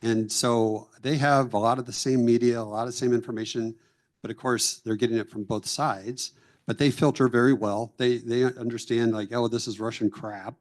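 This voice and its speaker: A man's voice: medium pitch, steady tone, moderate pace. A man on a panel answering audience questions in a casual, chatty way with small stumbles. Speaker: mission team member. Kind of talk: explaining to an audience.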